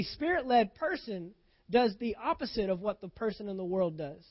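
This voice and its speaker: A pastor delivering a sermon with a middle-pitched voice, mixing folksy talk with fervent, punchy emphasis. The voice swings between loud declarations and hushed asides and keeps asking the crowd rhetorical questions. The recording sounds a bit dull and lo-fi. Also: very animated, moderate pace. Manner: casual folksy phrasing.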